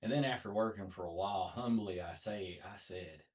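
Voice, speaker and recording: Southern man, podcast host, slightly low voice, anecdotal chat with quoted voices. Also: fairly quick, recorded from a distance, dull audio. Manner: storytelling, acts out quoted voices. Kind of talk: casual chat.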